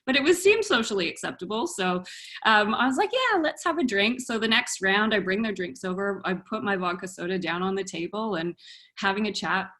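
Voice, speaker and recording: A woman's voice: mid-range voice, lively intonation, brisk, fairly bright tone. A woman guest on a podcast telling a story casually and animatedly, with lots of fillers and laughter.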